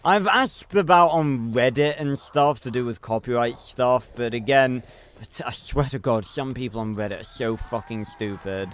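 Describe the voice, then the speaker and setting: A man's voice: medium pitch, normal speed, clear, resonant tone. A man streaming a video game, giving casual, rambling commentary, thinking aloud and swearing freely.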